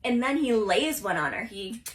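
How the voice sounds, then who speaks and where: A young woman retelling movie scenes in casual, animated commentary full of filler words. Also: a little high, low-quality recording. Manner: animated, fast-talking, lots of filler words. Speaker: social video creator.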